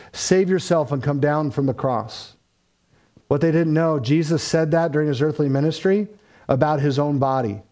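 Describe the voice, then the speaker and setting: A man preaching a verse-by-verse sermon, rising in pitch and volume for emphasis and dropping low and quiet for solemn points. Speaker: pastor. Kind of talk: expository sermon.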